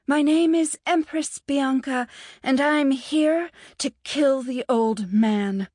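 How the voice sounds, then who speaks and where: A woman's voice: high-pitched, slow pace, a little mellow, no echo, clean studio sound, voice pushed up. A woman voicing a dreamy, defiant young woman in an audiobook, making bold, mock-grand declarations.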